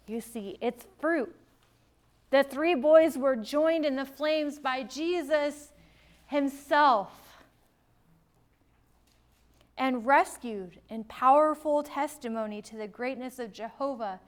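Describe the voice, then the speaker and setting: A middle-aged woman teaching a Bible sermon, emphatic, swinging between loud declarations and hushed lines. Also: high voice, slow pace.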